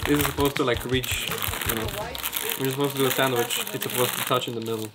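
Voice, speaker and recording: A man casually narrating as he makes a sandwich, relaxed and rambling. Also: medium pitch, quick pace, loud music behind the voice. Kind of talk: casual commentary while making food.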